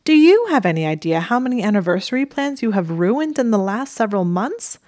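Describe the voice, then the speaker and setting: A woman voicing an indignant, sharp-tongued young witch who speaks crisply and raises her voice. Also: low voice, steady tone, normal speed, dry recording, clean studio sound. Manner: crisp, barking.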